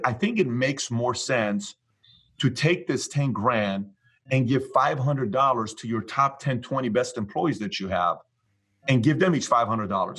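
A man from Iran, a business leader appearing as an interview guest, tells stories and acts out both sides of past conversations. His voice is medium-pitched, husky, and fairly bright.

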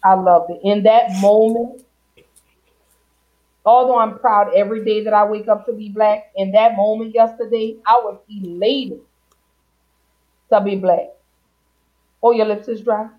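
A woman from Louisiana hosting a podcast in casual chat, playful and warm-hearted, singing out her greetings. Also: mid-range voice, fairly even intonation, measured pace, long pauses. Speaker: podcast host. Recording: dull lo-fi sound.

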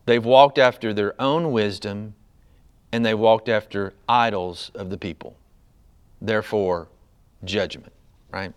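A man preaching a sermon as a pastor, conversational and often asking the congregation "right?", building to loud, high emphasis. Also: unhurried, pauses often, clear, resonant tone.

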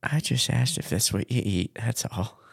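Co-host: gravelly man in whispered role-play. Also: medium pitch, animated, normal speed, dry recording, clean studio sound. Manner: soft, teasing, put-on relaxing voice. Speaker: podcast co-host.

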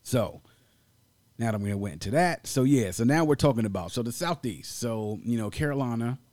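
A man's voice: medium pitch, moderate pace, dry recording. Chatty D.C. man in a dry room. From Washington, D.C. area. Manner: animated, laughs often, talks at length. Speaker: podcast co-host. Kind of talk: casual chat.

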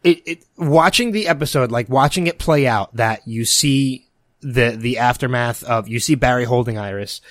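A man's voice: mid-range voice, normal speed, dry recording, studio quality. A man co-hosting a casual podcast, talking emotionally and rambling with frequent restarts. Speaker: podcast co-host. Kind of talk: casual chat.

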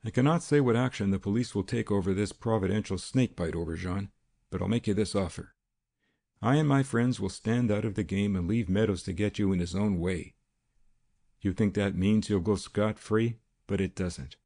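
A man voicing a calm, stern vigilante who speaks quietly and with total confidence. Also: lowish voice, normal speed, vocal fry.

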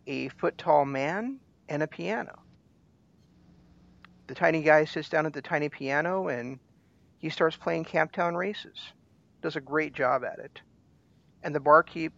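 A man with a gravelly voice hosts a casual radio show, often restarting his sentences as he rambles. His voice sits a little high for a man. The sound is dry and slightly dull, with a lo-fi feel. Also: fairly bright tone, no room sound. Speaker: host.

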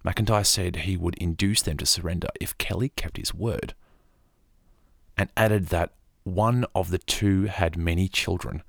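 Deep husky Australian man, soft-spoken. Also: a little slow, dry recording, studio quality. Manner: soft-spoken, rambling asides. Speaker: podcast narrator. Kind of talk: calm bedtime story narration.

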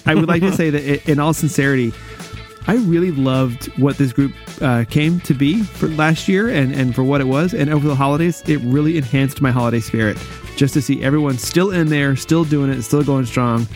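A man co-hosting a podcast in casual chat, warm-hearted and quick to laugh. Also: mid-range voice, faint music behind. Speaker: podcast co-host.

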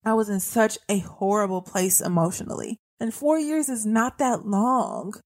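A woman's voice: mid-range voice, moderate pace, a little mellow. A young adult woman hosting a faith-based podcast, talking earnestly and conversationally to her listeners. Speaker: podcast host.

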